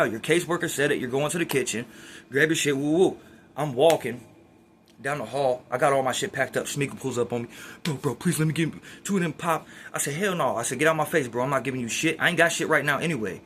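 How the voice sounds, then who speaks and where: A man's voice: a little high, fairly bright tone, slight background noise. A man in his twenties casually telling a story, streetwise and slangy, acting out what others said. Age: 20s. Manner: streetwise slangy retelling with quoted dialogue.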